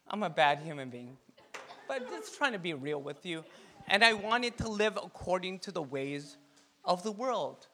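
A man's voice: a little high, sharp tone. A young man preaching to a youth group in a playful style, quizzing listeners by name and telling his own story. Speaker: youth pastor.

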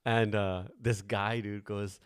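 A man's voice: fairly low pitch, little pitch movement, slow pace, smooth, dry recording, studio quality. A man in his forties, the host, chatting casually, rambling through stories and swearing often. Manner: laid-back, swears often, rambling storyteller. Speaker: podcast host. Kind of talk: casual chat.

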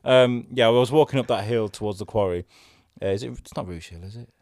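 A man with a fairly low voice hosts a casual podcast conversation. He rambles and reflects as he tells his stories. The sound is close and dry, with no room around it. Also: quick pace, darkish tone, no room sound. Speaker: podcast host. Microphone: studio podcast microphone.

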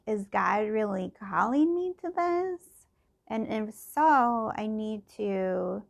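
Slow, rambling woman with gravelly voice. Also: medium pitch. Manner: slow, meandering, with many fillers and restarts. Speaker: podcaster. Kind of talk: casual personal reflection.

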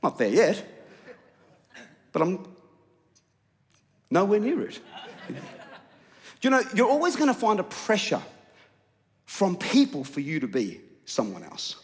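A man's voice: high-pitched, wildly swooping pitch, slow pace, long pauses. A man, a pastor, preaching a sermon in a church with humorous, self-mocking storytelling. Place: church auditorium. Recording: long hall reverb.

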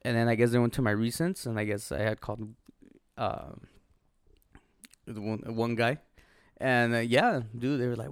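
A young man with a gravelly edge spins an animated, profane anecdote in laid-back podcast talk. His mid-range voice comes through dry and close to the mic. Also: mid-range voice, normal speed, dry recording. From Los Angeles. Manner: profane, animated storytelling with laughs. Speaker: podcast co-host. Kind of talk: casual chat, storytelling.

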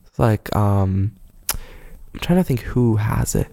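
A man's voice: fairly low pitch, wildly swooping pitch, moderate pace, gravelly, dark tone. A man co-hosting a podcast in casual chat, playful and teasing, laughing often. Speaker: podcast co-host.

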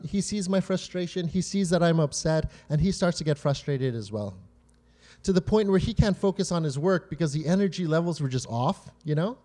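This man's voice sits on the high side with a dark tone. He preaches a conversational sermon, draws on his own family stories to make points, and keeps checking in with "right?" and "you know?"

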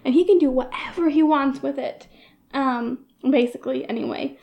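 A woman's voice: high-pitched, normal speed, highs cut off. A woman co-hosting a casual podcast chat, giggling often and rambling with frequent restarts. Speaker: podcast co-host.

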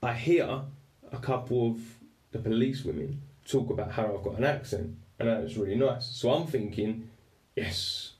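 A man's voice: medium pitch, normal speed, darkish tone. A man with an English accent telling a personal story candidly, swearing freely and speaking with raw emotion. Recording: roomy echo, distant from mic.

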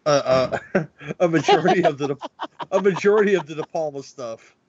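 Trivia-minded man, slightly high voice. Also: moderate pace, husky, no room sound. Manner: trivia-minded, rambling with restarts. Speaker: podcast co-host. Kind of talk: casual movie commentary chat. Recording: slightly dull lo-fi audio.

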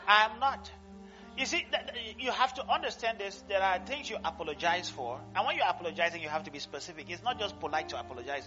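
A male pastor preaching with a high, piercing bright voice that swings from big shouted declarations to hushed asides. He laughs through his points. The recording is dull and lo-fi, with faint music underneath. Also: a little fast. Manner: animated preaching, swinging from loud exclamations to quiet asides, laughing often. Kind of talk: sermon. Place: church service.

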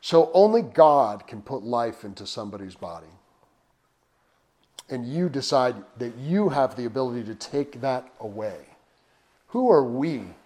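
A man preaching a sermon, asking rhetorical questions and often dropping his voice to a hush. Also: medium pitch. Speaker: pastor.

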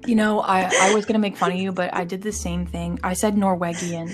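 Woman, young adult, podcast co-host, chatty storyteller, slight stutter, soft music behind. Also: lowish voice, little pitch movement, brisk. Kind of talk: casual podcast chat.

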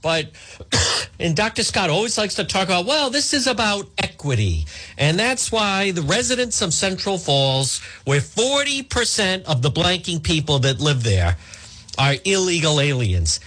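A man hosting a talk radio show, delivering a combative, animated monologue full of asides and restarts, with a husky voice. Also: high voice, a little slow.

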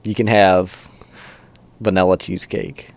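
A man co-hosting a podcast, talking casually and telling animated stories. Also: deep voice, measured pace. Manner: chatty, animated storyteller. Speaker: podcast co-host. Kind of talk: casual chat.

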